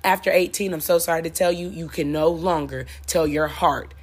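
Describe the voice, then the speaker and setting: This spiritual motivational speaker has a husky voice on the low side and talks at normal speed. Her preachy monologue is blunt and laced with profanity, with repeated lines and laughter at her own quips.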